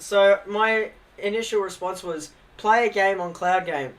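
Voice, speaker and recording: A man's voice: high-pitched, steady tone, moderate pace, a bit bright. A young man chatting on a live stream, telling funny family stories with lots of laughing and swearing. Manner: laughing storyteller, swears, acts out family quotes. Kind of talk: casual chat on a live stream.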